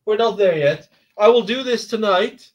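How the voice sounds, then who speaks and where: A man hosting a casual live stream while building a model kit, excitable, self-mocking and swearing freely. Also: high-pitched, normal speed, slight background noise.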